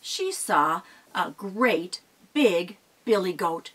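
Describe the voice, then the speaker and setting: A woman telling a folk tale aloud in an animated, expressive way, with sound effects. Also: on the low side, drawn-out words, breathy edge, poor audio. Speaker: storyteller. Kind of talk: oral storytelling performance.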